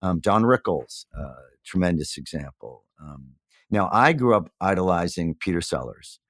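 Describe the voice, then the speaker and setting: A man in his fifties from New York, a guest in a candid interview, telling his story earnestly and reflectively with animated emphasis. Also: deep voice, normal speed, no room sound, studio quality. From New York, USA. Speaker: podcast guest.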